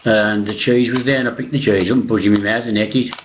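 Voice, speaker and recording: A man's voice: lowish voice, fairly even intonation, quick pace, a little hiss or hum. An older man, rambling through old memories with many fillers, restarts and casual swearing. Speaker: storyteller recalling old days. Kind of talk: rambling reminiscence. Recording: dull lo-fi sound.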